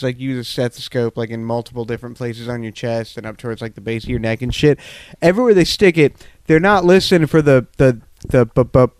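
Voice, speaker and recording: A man's voice: mid-range voice, a little mellow, smooth, dry recording. Young Southern man, podcast co-host, rambling and profane; clean, close, dry sound. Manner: rambling, profane, many restarts. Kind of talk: casual crude chat. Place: living room couch.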